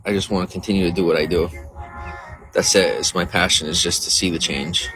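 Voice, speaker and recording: Low-voiced man rambling on a livestream. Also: steady tone, brisk, fairly bright tone, soft background music. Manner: rambling, talks to viewers, reads chat aloud. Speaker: livestream host. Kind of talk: casual livestream chat. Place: outdoors near a coffee shop.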